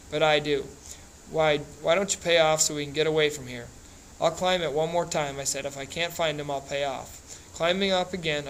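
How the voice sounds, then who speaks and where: A man reading a novel aloud in a plain, steady way, with small slips and restarts. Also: on the high side, a little hiss or hum, low-quality recording. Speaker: reader.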